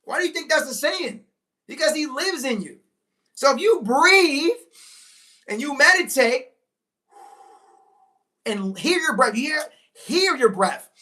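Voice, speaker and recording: A woman giving a motivational talk to viewers, preachy and emphatic, repeating key lines, slowing on big points and breaking into excited exclamations. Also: high-pitched. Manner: slows right down on key phrases. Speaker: motivational speaker. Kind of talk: live-stream motivational talk.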